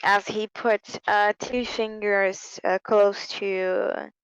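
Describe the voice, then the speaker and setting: A woman narrating as game master of a tabletop game, halting, with many ums and repeated words. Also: medium pitch, little pitch movement, clean tone, no room sound, muffled recording.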